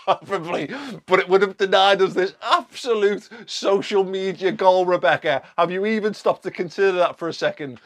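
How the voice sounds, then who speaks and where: A man hosting a podcast in a casual commentary monologue, animated and sweary, laughing often and using many fillers. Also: a little high. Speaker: podcast host.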